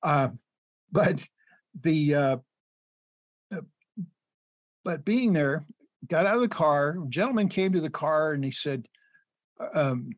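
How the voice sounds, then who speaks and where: A middle-aged man with a fairly high voice spins rambling anecdotes as a guest author. He leans on fillers and little laughs. The sound is dry and close. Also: measured pace, pauses often, no echo. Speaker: children's book author, guest. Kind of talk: storytelling in an interview.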